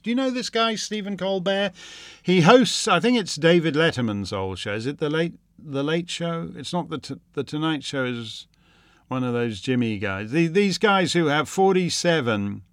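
A man's voice: a little high, dry recording. Sardonic man ranting in a dry room. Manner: mocking, rising to loud indignant rants; sings wordless tunes to mock. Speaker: show host answering listener questions. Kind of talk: sardonic monologue.

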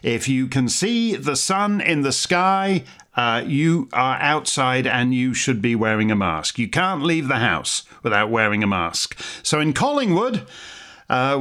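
A man's voice: on the high side, fairly bright tone. A middle-aged man hosting a commentary show, delivering sarcastic, mocking scripted remarks with dry wit.

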